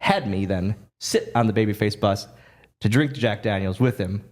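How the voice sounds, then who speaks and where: A man and former wrestler telling a story as a podcast guest, animated and full of restarts and laughs. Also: on the low side, normal speed. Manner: animated, lively retelling with many restarts and laughs. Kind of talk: casual storytelling.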